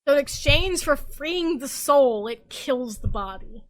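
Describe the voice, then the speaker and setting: A young woman podcast host, drunk, rambling excitably and swearing as she recaps a story in casual chat. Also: sits high, unhurried.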